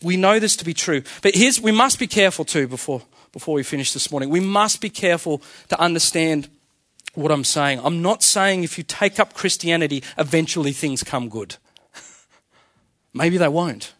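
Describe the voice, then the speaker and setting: Male pastor with a fairly high voice, emphatic sermon delivery, dry close-miked sound. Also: lively intonation, moderate pace, a bit bright, dry recording. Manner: emphatic preaching with rhetorical questions. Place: church.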